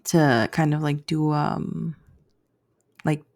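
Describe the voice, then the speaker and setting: A woman's voice: deep voice, flat delivery, slow pace, gravelly, a little mellow. A woman co-hosting a podcast in casual chat, easygoing and steering the talk with questions. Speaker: podcast co-host.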